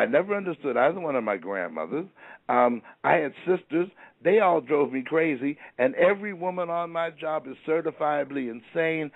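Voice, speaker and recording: A man's voice: mid-range voice, vocal fry, dry recording. A male storyteller voicing a timid man who is terrified of planes and boats, panicky and whining. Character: timid middle-aged man terrified of travel. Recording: dry, phone-like narrow sound.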